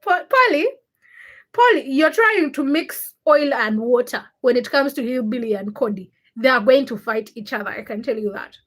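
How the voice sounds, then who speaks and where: A woman's voice: high voice, lively intonation, moderate pace, a bit bright. A young woman hosting a casual livestream, teasing her chat and reading out viewers' names. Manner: teasing and laughing, reads chat names aloud. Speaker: livestream host.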